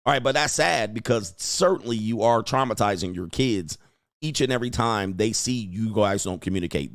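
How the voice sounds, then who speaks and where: A man's voice: medium pitch, sing-song, fairly quick, no echo, studio quality. Blunt, emphatic man hosting a livestream. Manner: blunt, emphatic, repeats points. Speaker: host. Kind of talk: livestream commentary.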